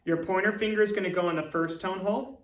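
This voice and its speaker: A man's voice: sits high, fairly even intonation, fast, recorded from a distance. Man teaching clarinet in echoey room. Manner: clear step-by-step demonstrating. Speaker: music teacher. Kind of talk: instructional video lesson. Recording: roomy echo, from off-mic.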